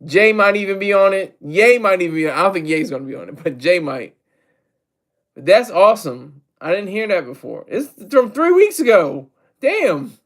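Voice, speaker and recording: A man with a high-pitched voice talking casually in solo hip hop commentary. He rambles, backtracks and restarts often, poking fun at himself as he goes. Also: very animated, moderate pace, a bit bright. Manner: rambling, self-deprecating, with many restarts.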